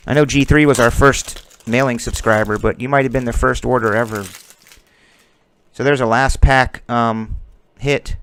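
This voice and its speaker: A man's voice: medium pitch, normal speed, a bit bright, clean tone. A man hosting a card-breaking stream, chatting casually and joking as he calls out player names while opening packs.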